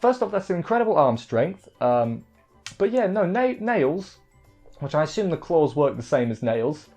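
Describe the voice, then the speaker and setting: A man's voice: a little high, sing-song, normal speed, a little mellow. Rambling man recapping an anime episode. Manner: rambling, restarts words, many "like" and "you know" fillers. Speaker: anime reviewer. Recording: dull lo-fi audio with faint music.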